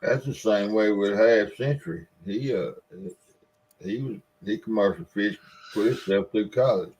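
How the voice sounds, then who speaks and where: A man adding a short relaxed aside in casual chat. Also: on the low side, unhurried, slightly rough, low-quality recording.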